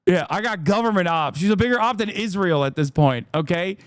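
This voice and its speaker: A man commenting casually on a live stream, animated and swearing, sometimes bursting into shouts. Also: high voice, normal speed, no room sound, studio quality. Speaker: streamer reacting to a debate.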